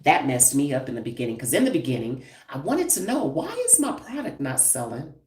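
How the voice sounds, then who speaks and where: A woman's voice: a bass voice, sing-song, a little fast, a little mellow. A woman in her fifties, a hairstylist and brand owner, talking bluntly and emphatically to viewers on a casual live stream. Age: 50s. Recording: echoey room, distant from the mic.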